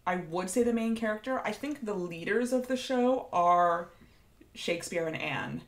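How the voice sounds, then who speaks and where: A woman's voice: on the low side, animated, moderate pace, a loud crowd. A woman co-hosting a theatre podcast, chatting casually and laughing often. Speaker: podcast co-host. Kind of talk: casual chat.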